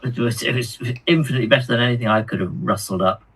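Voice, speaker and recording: A man co-hosting a hobby live stream, reading viewer comments aloud in a halting, chatty way with lots of ums and repeated words. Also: mid-range voice, a bit bright, slightly rough, low-quality recording. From United Kingdom.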